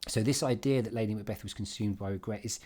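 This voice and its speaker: Man, chatty revision lesson, emphatic, quick restarts. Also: fairly low pitch, dark tone. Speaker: English literature teacher. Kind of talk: informal exam-revision lesson.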